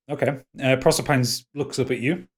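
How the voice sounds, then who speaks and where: A man narrating a tabletop game as game master, in a loose, halting way with many restarts. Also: mid-range voice, fairly even intonation, breathy edge.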